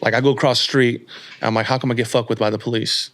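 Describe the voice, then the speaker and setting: A man in his late thirties, a podcast guest telling his story in a casual, slangy, animated way and acting out the people he quotes. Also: mid-range voice, quick pace. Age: 30s.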